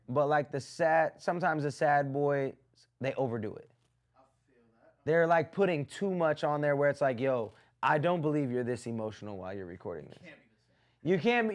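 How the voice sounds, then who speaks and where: A man hosting a live music review stream, giving blunt critiques and shouting out viewers in the chat. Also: a little high. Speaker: music review livestream host. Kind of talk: casual live-stream commentary.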